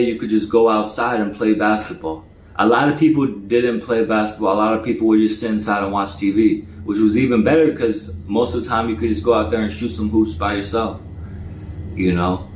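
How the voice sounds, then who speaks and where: A man's voice: lowish voice, reverberant, poor audio. A man telling a personal story in a casual way, often stuttering and repeating his words. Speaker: storyteller recounting jail time.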